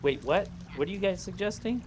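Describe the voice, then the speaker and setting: A man's voice: high-pitched, animated, fairly quick, a little hiss or hum. A man playing a tabletop game, talking casually and questioning the others in a cautious way. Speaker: player.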